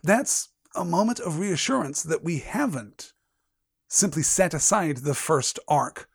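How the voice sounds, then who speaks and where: Male podcast host with a fairly high, dry voice. Thoughtful, emphatic literary commentary. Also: big pitch swings, a little slow, creaky, slightly rough, dry recording. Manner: reflective, emphatic, analytical. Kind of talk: literary analysis talk.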